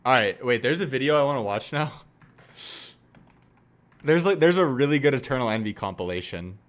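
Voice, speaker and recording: Man, livestreamer, casual chat, animated delivery, jokey. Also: mid-range voice, fairly quick. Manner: animated, joking, reacts to clips. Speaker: streamer.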